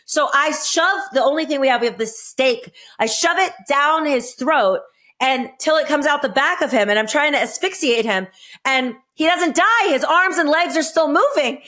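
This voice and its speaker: A woman's voice: high voice, animated, normal speed, pushed and bright. A woman in her forties co-hosting a podcast, telling blunt, profane stories in casual chat with lots of laughter. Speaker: podcast co-host, former reality show contestant.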